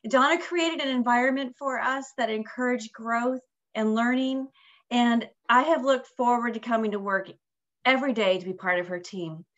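A woman's voice: on the high side, normal speed, a bit bright, muffled recording. A woman on a video call giving an earnest farewell tribute to a colleague. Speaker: school department colleague.

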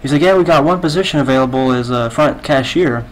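A man's voice: medium pitch, quick pace, low-quality recording. A man telling a long joke in casual chat, mostly quoting the characters with "he's like". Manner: loose storytelling, many "he's like" quotes. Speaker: gamer telling jokes.

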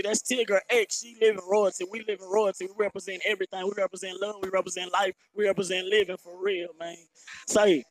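A man who is a hip-hop artist, hoarse from performing, talking excitedly and boastfully in an interview at a festival venue. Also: high voice, rough recording. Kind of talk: casual interview talk.

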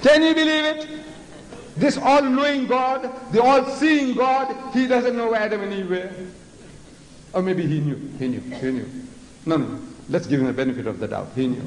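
An older man with a South African accent, giving a mocking, animated lecture and mimicking the voices of others. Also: high-pitched, normal speed, a little hiss or hum. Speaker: public speaker. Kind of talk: lecture before an audience. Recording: echoey hall recording.

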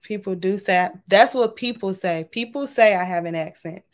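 A woman's voice: medium pitch, moderate pace. Chatty woman hosting a livestream. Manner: warm, chatty, says y'all often. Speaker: livestream host. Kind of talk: casual livestream sign-off chat.

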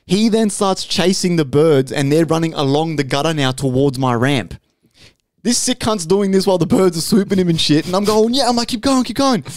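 A young man telling a story on a podcast, animated and full of swearing, checking in with "right?" as he goes. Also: on the high side, a little fast, no echo. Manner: animated, swears constantly, keeps adding "right?". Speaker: podcast host. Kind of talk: casual storytelling chat.

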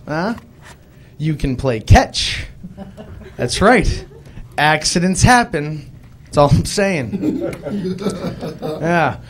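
A man's voice: on the high side, slight background noise. A young man with a Boston accent doing a live stand-up comedy set, telling self-deprecating stories and acting out the voices in them. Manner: self-deprecating, animated storytelling with voiced quotes. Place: live club stage.

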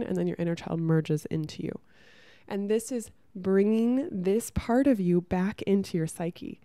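A woman talking casually to camera about spiritual growth, chatty and soft, often saying "like" and restarting her sentences. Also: mid-range voice, no room sound. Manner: chatty, many "like" fillers and restarts.

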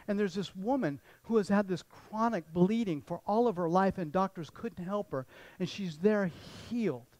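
High-voiced pastor preaching, dry close sound. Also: male voice, normal speed, dry recording. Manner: animated storytelling, acting out voices in the scriptures. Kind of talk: sermon.

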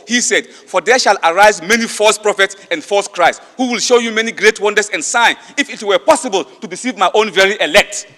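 Emphatic high-voiced man in a hall. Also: fairly bright tone. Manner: emphatic, rhetorical questions. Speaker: debater. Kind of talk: public debate speech. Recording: long hall reverb.

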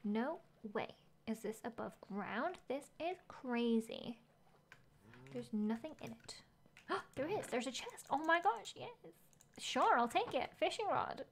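A woman's voice: sits high, big pitch swings, slow, slight background noise. A woman game streamer chatting casually as she plays, thinking aloud, gasping at finds and reading chat messages.

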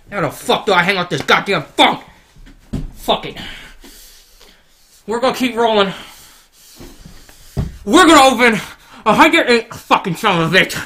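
Brash, foul-mouthed man with a bright voice. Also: high voice, expressive, a little slow, pauses often, a little hiss or hum. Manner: brash, profane, mock-rude persona with mumbled asides. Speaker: guest gamer. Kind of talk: comedic gameplay commentary.

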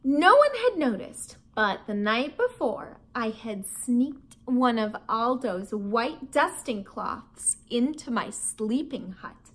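Woman teacher reading a kids' book aloud, high lively voice, slow and expressive. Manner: expressive, storytelling. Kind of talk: children's book read-aloud.

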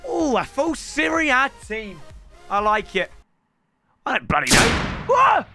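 A young man rants and yells through his gameplay commentary in a high, bright voice. His pitch swings widely, though his overall pace stays unhurried. Faint game music runs underneath. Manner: excitable, shouts and rants at the game. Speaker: gaming YouTuber.

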